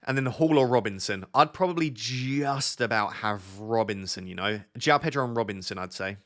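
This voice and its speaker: A man's voice: fairly low pitch, normal speed. Friendly southern English man streaming live. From Essex, England. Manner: relaxed, friendly, thinks aloud. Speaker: fantasy football streamer. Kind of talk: live stream chat reading viewer questions.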